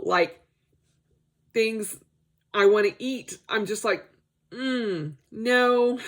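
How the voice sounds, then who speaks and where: A woman's voice: fairly low pitch, vocal fry. A middle-aged woman talks unhurriedly in a casual personal vlog, taking her time over each thought. She rambles through asides and tangents in a chatty way, still getting over a stomach bug. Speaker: vlogger.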